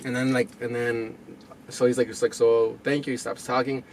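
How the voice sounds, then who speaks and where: A man's voice: mid-range voice, level tone, a little fast, slight background noise. A young man co-hosting a podcast, telling rambling, profane stories and acting out what people said, recorded on camera audio. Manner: rambling storyteller, swears a lot, acts out quotes. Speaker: podcast co-host. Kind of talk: casual chat.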